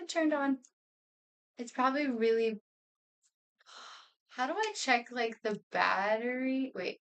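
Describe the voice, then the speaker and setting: A woman's voice: fairly high pitch, slow pace, long pauses, a bit bright. Streamer woman in her twenties, rambly casual chatter at home, a little distant from the mic. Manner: rambling, chatty, laughs often, talks while eating. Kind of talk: casual chat to a live stream. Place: home room.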